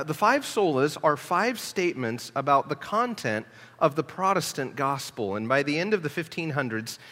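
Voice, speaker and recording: A male pastor preaching a teaching sermon in earnest tones, often pausing with "uh" fillers. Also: fairly high pitch, fairly bright tone, in a large hall. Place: church sanctuary.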